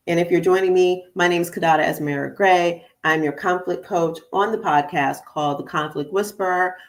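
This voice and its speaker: A middle-aged woman hosting her own podcast as a conflict coach, talking casually and animatedly to listeners, calling them "y'all". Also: fairly low pitch. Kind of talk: casual morning podcast monologue. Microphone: studio podcast microphone.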